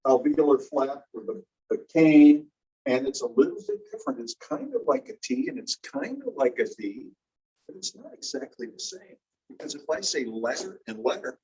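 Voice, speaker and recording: Husky middle-aged man lecturing from afar. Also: fairly high pitch, darkish tone. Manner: casual explaining, repeats words to demonstrate sounds. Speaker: phonetics instructor. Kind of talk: classroom lecture. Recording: distant dull lo-fi classroom recording.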